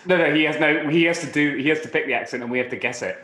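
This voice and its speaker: A man's voice: fairly high pitch, very fast, bright, forceful tone, roomy sound. A man co-hosting a podcast, playful and giggly in casual chat. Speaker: podcast co-host.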